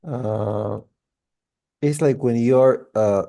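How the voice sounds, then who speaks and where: A man's voice: mid-range voice, drawn-out words, creaky, mellow. A man giving a one-on-one English pronunciation lesson, patiently repeating example sentences with many fillers. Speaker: English tutor.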